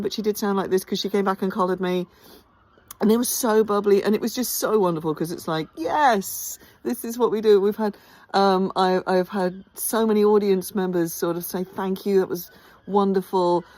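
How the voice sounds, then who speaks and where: Outdoors by a house, a theatre company director films a casual behind-the-scenes vlog, tired but chatting enthusiastically with plenty of ums and restarts. Her voice is medium-pitched, steady and darkish, at a normal speed, with no echo.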